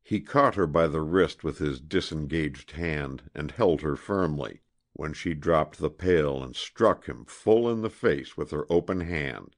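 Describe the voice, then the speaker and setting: A man reading a historical adventure novel aloud as an audiobook narrator, in a dramatic, expressive way. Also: very deep voice, unhurried.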